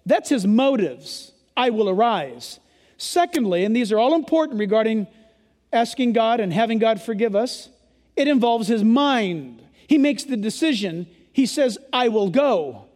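A male pastor preaching a sermon to his church during a service, speaking emphatically and sometimes yelling. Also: very high-pitched, lively intonation, moderate pace, long reverb tail.

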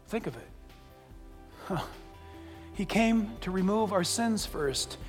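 A man preaching a sermon from a church pulpit, dramatic, dropping from loud bursts to hushed words. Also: high voice, expressive, fairly quick, faint music behind. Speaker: pastor. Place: church sanctuary. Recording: long reverb of a large hall.

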